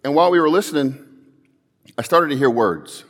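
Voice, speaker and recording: A man's voice: on the high side, lively intonation, fairly quick, in a large hall. A man preaching a sermon, telling a story earnestly and building to emphatic calls.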